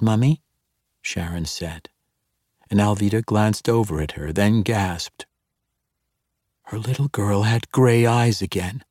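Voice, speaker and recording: A man narrating a fantasy audiobook in a measured, expressive reading. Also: fairly low pitch, no room sound, clean studio sound.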